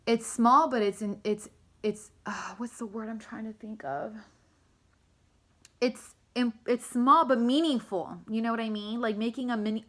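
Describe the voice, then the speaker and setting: A young woman reads tarot cards for her viewers in a loose, rambling way, wearing her feelings openly and swearing without a second thought. Her voice is bright and forward, sitting in an ordinary middle pitch. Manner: rambling, emotional, swears freely. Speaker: tarot reader. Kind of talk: casual tarot reading vlog.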